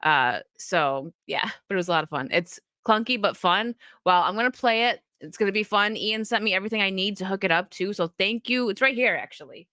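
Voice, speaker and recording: A chatty woman hosting a casual stream, upbeat and quick to laugh, often restarting her sentences. Her voice is bright and forward, caught close on a dry, dead-sounding mic. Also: medium pitch, no echo. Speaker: livestream host reading chat. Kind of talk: casual chat.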